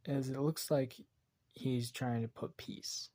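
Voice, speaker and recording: A man improvising a dark story aloud, rambling and hesitant, often correcting himself. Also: medium pitch, fairly even intonation, slow.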